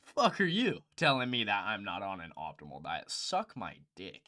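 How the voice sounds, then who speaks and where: A man's voice: lowish voice, wildly swooping pitch, normal speed, pushed and bright, no echo, studio quality. A young man hosting a live stream in casual chat, blunt and profane, with lots of "bro" and "dude".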